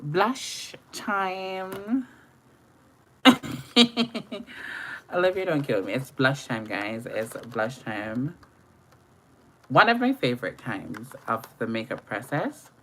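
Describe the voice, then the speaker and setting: Young woman doing a makeup livestream, really deep voice, slow and chatty, faint hum behind. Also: sing-song, fairly bright tone. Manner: chatty and playful, greets viewers by name. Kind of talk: live makeup tutorial chat.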